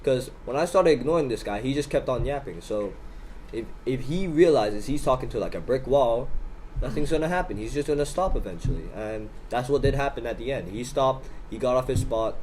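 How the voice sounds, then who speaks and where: A man's voice: mid-range voice, expressive, fairly quick, darkish tone, a little hiss or hum, rough recording. A teenage boy casually telling a story on a student podcast, acting out both sides of an argument. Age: teens. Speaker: podcast co-host. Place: school room in Hong Kong.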